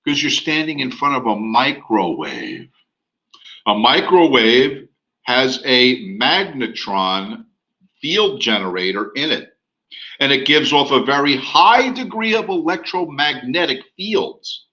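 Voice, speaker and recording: A man quoting a friendly male utility inspector who explains things in a relaxed way. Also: mid-range voice, takes it slowly, dull audio, heavily acted. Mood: explaining.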